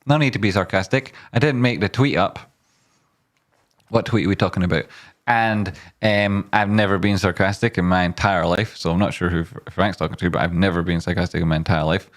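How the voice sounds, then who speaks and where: A man's voice: deep voice, fairly quick. Man joking through a live stream. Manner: joking, teasing, reads viewer comments aloud; hypes up a guess-the-tune game. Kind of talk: casual live stream chat.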